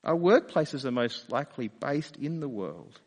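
A man's voice: mid-range voice, sing-song, measured pace, darkish tone, big-room sound. A man preaching a sermon in a conversational way, often asking rhetorical questions. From Australia. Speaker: pastor.

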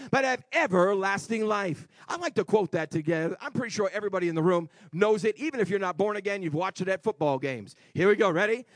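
A male preacher delivering an emphatic sermon to a congregation, shifting between shouts and quiet asides. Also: very high voice, dry recording, clean studio sound. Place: church before a congregation.

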